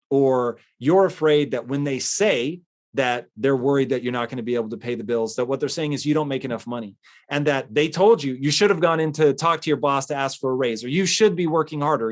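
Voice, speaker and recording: A man hosting a podcast, talking earnestly about emotions and telling a personal story in an animated way. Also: mid-range voice. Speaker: podcast host. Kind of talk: casual motivational talk.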